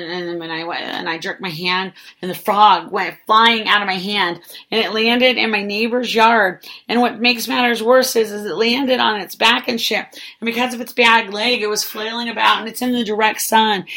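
A woman's voice: mid-range voice, fairly even intonation, brisk, bright, forceful tone. A woman hosting a podcast, telling a story in a rambling, self-mocking way, full of "like" and casual swearing. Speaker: podcast host. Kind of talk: casual solo storytelling monologue.

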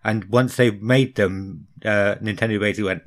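A man co-hosting a casual podcast, speaking in a relaxed, offhand way. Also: fairly low pitch, moderate pace. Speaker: podcast co-host. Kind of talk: casual chat.

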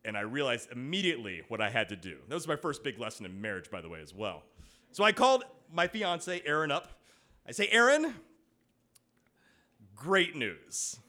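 A man's voice: medium pitch, a little fast. A man telling a personal anecdote to an audience, acting out the voices of the people in his story. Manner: animated storytelling, acts out quoted voices.

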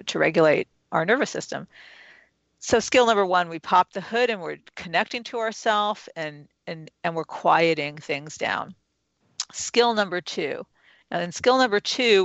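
A woman, an author and interview guest, calmly explaining self-help steps and guiding the listener through them one by one. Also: lowish voice, creaky, dry recording. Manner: calm, instructive, walks the listener through steps. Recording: dull, lo-fi and dry.

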